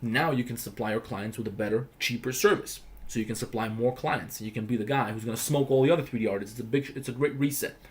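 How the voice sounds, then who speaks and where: A man's voice: medium pitch, fast talker, hardly any pauses. A man from the Balkans hosting a livestream, answering viewer questions in a blunt, profane, emphatic rant. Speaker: livestream host.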